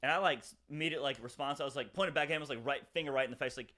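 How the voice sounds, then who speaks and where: A man's voice: mid-range voice, bright, forceful tone. A young man, a podcast co-host, telling a rambling story in casual chat with lots of fillers. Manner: rambling, fast, many fillers and acted quotes.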